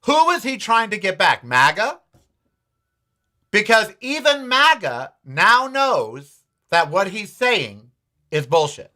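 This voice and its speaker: A man's voice: high-pitched, sing-song, slow, sharp tone. A man hosting his own show, giving blunt, sarcastic political commentary and swearing freely. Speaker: podcast host.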